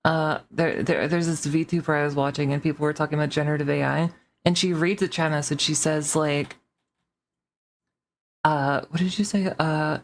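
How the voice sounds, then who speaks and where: A woman's voice: low-pitched, fairly even intonation, normal speed, slight background noise. A woman streamer ranting casually to her chat, rambling and swearing with many restarts.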